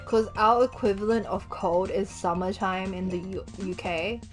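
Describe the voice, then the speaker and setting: A woman's voice: medium pitch, normal speed, soft background music. A young woman, chatting casually and giggling as she livestreams a game. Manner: chatty, giggly, animated storytelling. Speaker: gaming livestreamer. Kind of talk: casual chat while gaming.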